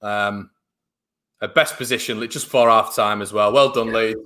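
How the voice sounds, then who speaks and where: A man's voice: on the low side, fairly even intonation, moderate pace, pushed and bright. A man co-hosting a football fan watchalong, rambling casually through his opinions to viewers. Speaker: co-host of a fan watchalong stream. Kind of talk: casual live match chat.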